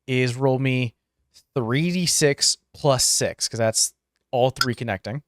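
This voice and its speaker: A man running a tabletop game as game master, calling turns and explaining rules in a relaxed, casual way. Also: medium pitch, slow pace, background noise.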